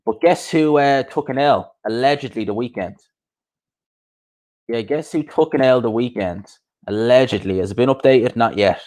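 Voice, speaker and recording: A young man hosting a boxing talk show rants bluntly and heatedly, swearing and repeating himself in casual commentary. His voice is mid-range and darkish in tone, at a moderate pace.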